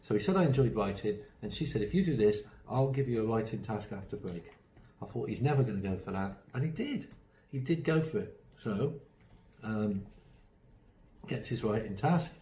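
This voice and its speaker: A man's voice: fairly low pitch, lively intonation, normal speed, dark tone, echoey room, a little hiss or hum, rough recording. A man giving an online workshop on autism strategies, telling anecdotes in a chatty way with many ums and restarts. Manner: chatty storytelling, acts out quoted voices, frequent ums and restarts.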